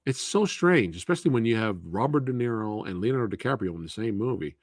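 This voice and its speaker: A man's voice: lowish voice, lively intonation, quick pace, no room sound. A man hosting a live Q&A stream, chatting casually and answering viewers by name.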